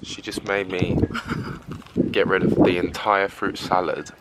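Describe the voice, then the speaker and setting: A man talking in a flat, grumbling, deadpan way over casual holiday chat. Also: sits low, slow. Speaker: vlogger's boyfriend. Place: hotel terrace on holiday. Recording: loud background noise.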